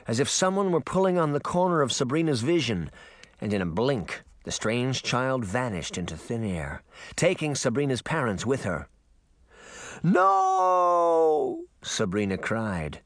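A man narrating a children's fantasy novel in an expressive, dramatic audiobook style. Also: mid-range voice, no echo, clean studio sound.

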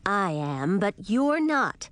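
A woman voicing a stern middle-aged queen who gives slow, clipped orders. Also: mid-range voice, big pitch swings, a bit bright, no echo.

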